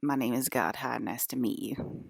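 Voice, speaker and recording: A woman's voice: a bass voice, moderate pace, vocal fry, husky, no echo, clean studio sound. A woman vlogging to her camera in a loose, rambling monologue, laughing often and swearing freely.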